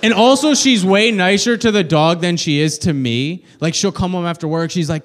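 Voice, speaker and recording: A man doing a stand-up comedy set on a club stage, brash and crude, dropping to muttered asides and then rising to loud punchlines. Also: high-pitched, brisk, few pauses.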